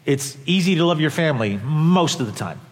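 A man preaching a sermon as a pastor, impassioned, swinging from quiet, low passages to loud, high peaks. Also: lively intonation, a little fast. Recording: long hall reverb.

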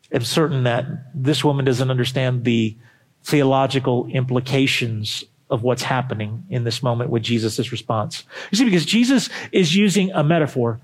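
A man preaching a sermon, emphatic and fervent, rising to loud peaks and dropping low, often asking the congregation questions. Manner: addresses the congregation directly with questions. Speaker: pastor.

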